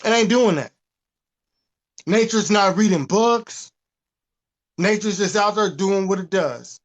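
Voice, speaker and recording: A man's voice: sits high, takes it slowly. A man, ranting with profanity in a casual podcast talk. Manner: animated, profane, preachy. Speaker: podcast host. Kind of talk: casual rant.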